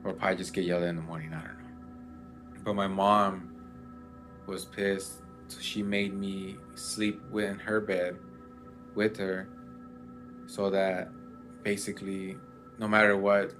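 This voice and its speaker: A man's voice: low voice, little pitch movement, a little slow, pauses often, over music. A man in casual chat, telling a story with lots of fillers and restarts. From Mexican family background. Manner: rambling, many fillers.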